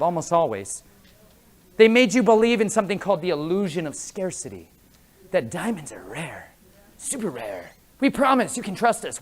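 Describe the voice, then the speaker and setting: Guy preaching at a conference, storytelling, voice all over the place high and low, acts out people. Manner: animated, acts out voices of people at his table, laughs often. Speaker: conference speaker. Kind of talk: lively sermon with storytelling. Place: conference hall before an audience.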